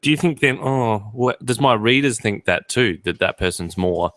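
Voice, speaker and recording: A man's voice: mid-range voice, lively intonation, moderate pace, a bit bright, no room sound. A man hosting a podcast who asks long, searching questions with plenty of fillers. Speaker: podcast host. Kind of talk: casual interview questions.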